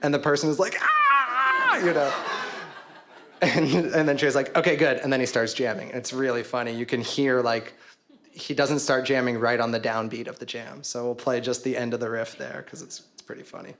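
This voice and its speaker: A man's voice: medium pitch, steady tone, a little fast, a little hiss or hum. Man explaining music rhythms. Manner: explanatory, counts beats and sings rhythms aloud. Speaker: musicologist lecturer. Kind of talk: guided music listening lecture. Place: arts venue event space. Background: music playback.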